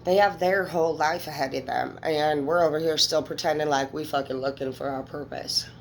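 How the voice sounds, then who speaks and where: Woman, 30s, low gravelly voice, blunt tarot-reading monologue, slight background hiss. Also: fairly quick, low-quality recording. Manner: candid, emotional, swears freely. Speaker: tarot reader. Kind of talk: casual monologue to viewers.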